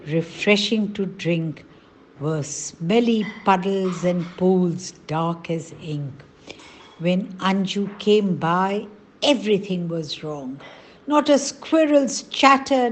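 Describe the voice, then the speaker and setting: A woman narrating a rhyming children's storybook in a gentle, sing-song manner. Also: mid-range voice, a little hiss or hum.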